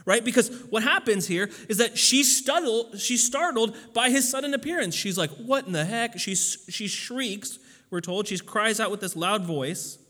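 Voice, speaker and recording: A man's voice: sits high, lively intonation, normal speed, few pauses, pushed and bright, in a large hall. A man preaching a sermon as pastor, talking casually with lots of fillers and building to emphatic peaks.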